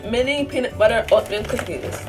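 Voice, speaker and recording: A woman's voice: a little high, a little fast, far from the mic, music in the background. A young woman vlogger trying snacks with her mother, blunt and unimpressed, often laughing. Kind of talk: casual taste-test chat.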